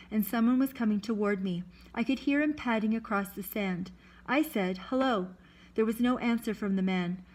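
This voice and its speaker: A woman reading a novel aloud to listeners, lifting her voice for shouted dialogue. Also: medium pitch, poor audio. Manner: lively, lifts voice for shouted dialogue. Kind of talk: read-aloud storytelling.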